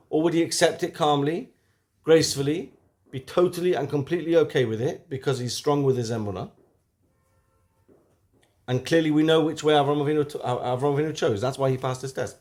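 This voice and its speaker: A man with a voice on the high side teaches a weekly Torah class with lively energy. He throws out rhetorical questions and alternates between booming and hushed tones.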